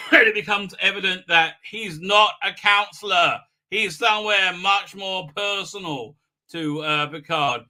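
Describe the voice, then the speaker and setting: Male host, sarcastic episode recap, bright and fairly high, fumbling fillers. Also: unhurried. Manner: mocking, acts out quotes in funny voices, many fillers and restarts. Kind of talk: casual live-stream recap.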